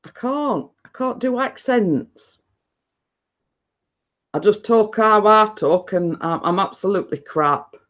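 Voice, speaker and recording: Animated but unhurried, a middle-aged live stream host reads names from the chat in a medium-pitched, fairly bright voice. Her casual talk is punctuated by laughter, stumbles, and restarted sentences.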